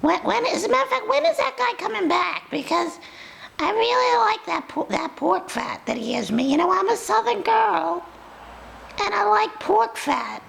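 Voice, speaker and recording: A woman's voice: very animated, moderate pace, fairly bright tone, heavily acted, low-quality recording. A woman voicing a sassy, food-loving female pet dog with a New York accent, rambling and confiding. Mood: chatty. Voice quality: very high, gravelly. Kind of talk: comic pet voice role-play.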